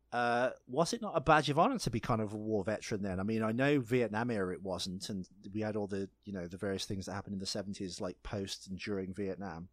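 A man's voice: fairly low pitch, no echo. A man co-hosting a podcast in casual chat, rambling and poking fun at himself. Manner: self-deprecating, jokey, rambling. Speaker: podcast co-host.

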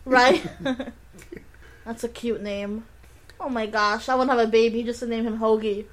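Giggly high-voiced woman podcaster. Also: steady tone, a little slow. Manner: giggly, easily set off laughing. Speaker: podcast co-host. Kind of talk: casual film discussion podcast.

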